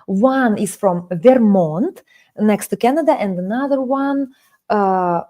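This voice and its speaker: A woman's voice: medium pitch, takes it slowly, mellow. A woman in her forties with a Russian accent, teaching a live-streamed Russian lesson and switching between languages. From Russia (Kaliningrad region). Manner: switches between languages, reads chat aloud.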